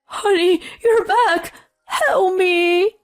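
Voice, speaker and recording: A woman voicing a panicky adult husband who pleads and whines in a high-strung way. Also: lively intonation, takes it slowly, soft background music. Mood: panicked.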